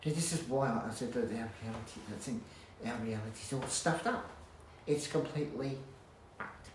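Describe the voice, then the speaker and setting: Man, casual vlog rant, halting and sweary, echoey home recording. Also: mid-range voice. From Australia. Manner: rambling, halting restarts, blunt swearing. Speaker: vlogger. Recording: roomy echo, faint background hum.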